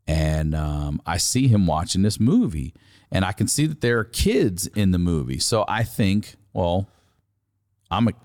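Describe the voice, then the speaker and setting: A middle-aged man from Maryland, a comedian guest telling a profane, animated story in casual conversation. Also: low voice, clear, resonant tone.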